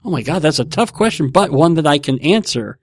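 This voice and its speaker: A man's voice: fairly high pitch, expressive, brisk, dry recording, clean studio sound. A man hosting a casual podcast, rambling and laughing at himself as he chats from home. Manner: rambling, laughing, self-mocking. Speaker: podcast host.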